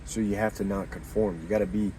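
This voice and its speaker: A man's voice: on the low side, fairly even intonation, fast talker, warm tone, a little hiss or hum, poor audio. A young man giving rambling, earnest life advice in a casual motivational monologue, often restarting his sentences.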